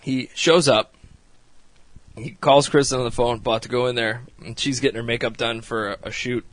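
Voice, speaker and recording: A man's voice: medium pitch, steady tone, moderate pace, a bit bright, dry recording. A man hosting a podcast, casually recapping a reality show in a rambling way, laughing often and swearing freely. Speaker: podcast host.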